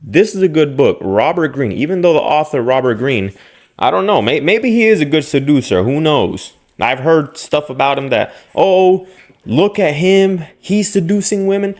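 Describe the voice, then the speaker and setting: A man's voice: medium pitch, big pitch swings, normal speed. A man giving blunt dating advice straight to camera, talking in slang and jumping into mocking impressions of other guys. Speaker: dating coach. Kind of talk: direct-to-camera advice monologue.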